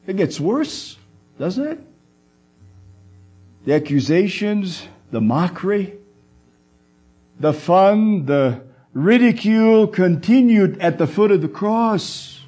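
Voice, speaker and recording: A man preaching a sermon, slow and deliberate, pausing for emphasis and voicing the quoted words of others. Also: high-pitched, a little mellow.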